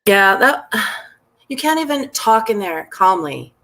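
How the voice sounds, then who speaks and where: A woman's voice: mid-range voice, big pitch swings, slow pace, a bit bright. A woman joining a livestream as a guest, talking in a flustered, complaining way. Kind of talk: casual chat.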